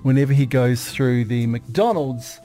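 A man's voice: medium pitch, unhurried, mellow, soft background music. A middle-aged man with a New Zealand accent, hosting a radio show in casual, joking banter and laughing often. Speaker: radio host. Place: radio studio.

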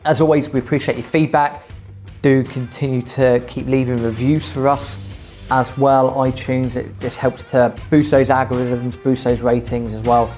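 A man's voice: mid-range voice, flat delivery, normal speed, darkish tone, soft background music. A man hosting a podcast who tells travel anecdotes in casual chat. He rambles, restarts sentences and says "you know" often. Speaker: podcast host.

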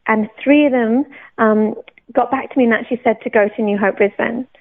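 A young woman from the UK telling her personal faith story in a casual, animated way, laughing often and restarting her sentences. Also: on the high side, a little fast. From United Kingdom. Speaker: guest sharing testimony. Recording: narrow phone-like radio audio.

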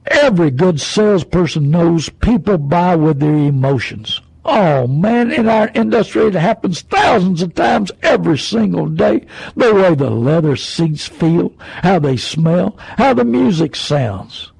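A man, a car dealer hosting a folksy radio talk, animated and full of rhetorical questions. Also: sits high, unhurried, vocal fry, husky, dry recording, rough recording. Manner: animated, mocking salesman voices, rhetorical questions.

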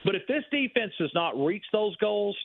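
A man's voice: high voice, very animated, normal speed, creaky, husky. A man talking sports as a guest over the phone, emphatic and rambling, with many restarts. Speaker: radio host guest. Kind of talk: sports radio phone interview. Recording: tinny phone line.

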